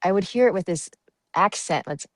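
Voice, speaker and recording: A woman's voice: lowish voice, animated, normal speed, dry recording. A woman guest chatting on a podcast, giggly and dreamy, with many fillers. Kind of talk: casual podcast chat.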